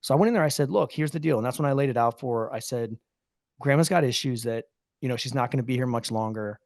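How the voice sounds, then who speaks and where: Man, podcast co-host, casual storytelling, candid, conversational, mid pitch, dry close mic. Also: quick pace, a little mellow, dry recording. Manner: candid, conversational, peppered with "dude".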